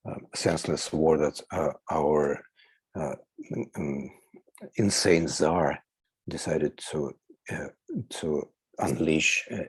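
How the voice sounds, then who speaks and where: A man with a Russian accent, native Russian speaker, giving a seminar lecture over a video call, halting with frequent pauses and fillers. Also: extremely low pitch, husky, no room sound.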